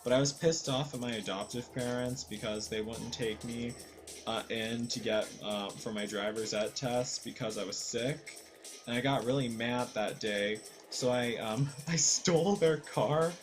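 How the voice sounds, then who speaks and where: Young man, casual gameplay storyteller, rambling, swears a lot, mid-pitched voice, faint music behind. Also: steady tone, moderate pace. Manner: rambling and profane, with many fillers and self-corrections. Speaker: gaming video creator.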